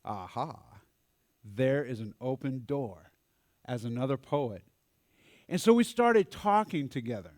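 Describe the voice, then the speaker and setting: A man giving a storytelling talk at a church mental health forum, animated and acting out the voices of people he quotes. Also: mid-range voice, a little slow, pauses often, dry recording, clean studio sound.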